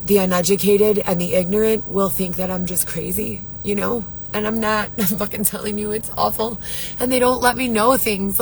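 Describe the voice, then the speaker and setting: A woman's voice: mid-range voice, fairly bright tone, slight background noise, low-quality recording. A woman talking to camera in her car, rambling in an agitated, profane way as she vents to her viewers. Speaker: vlogger. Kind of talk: venting monologue to camera.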